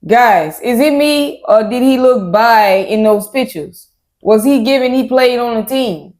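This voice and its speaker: A woman co-hosting a reaction show recaps an episode in laid-back chat, acting out what people in it said. Her voice is on the high side, a little slow, and slightly mellow.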